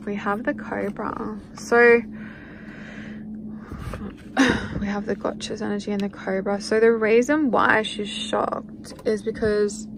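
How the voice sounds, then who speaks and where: A woman's voice: mid-range voice, level tone, slow, creaky, background noise. A woman giving a spiritual card reading, chatting loosely and voicing what the people in it might be thinking. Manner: chatty, speaks in quoted inner voices. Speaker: tarot card reader.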